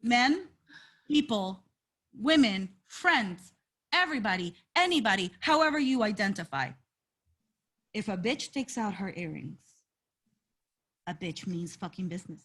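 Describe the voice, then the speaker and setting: A woman co-hosting a casual wrestling podcast, sassy and animated, swearing freely. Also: medium pitch, measured pace, pauses often, breathy edge. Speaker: podcast co-host.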